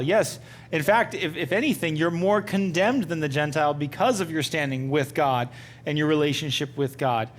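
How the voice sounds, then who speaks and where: A young man teaching a Bible study to a group in a conversational, animated way, often asking them questions. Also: on the high side, moderate pace, slight background noise.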